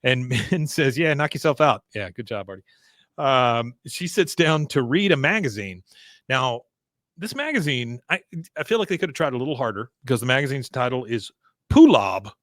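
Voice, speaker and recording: A man's voice: mid-range voice, expressive, normal speed, fairly bright tone, dry recording, clean studio sound. Man recapping a cartoon episode. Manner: retells scenes, acting out character lines. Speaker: podcast co-host. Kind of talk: casual episode recap chat.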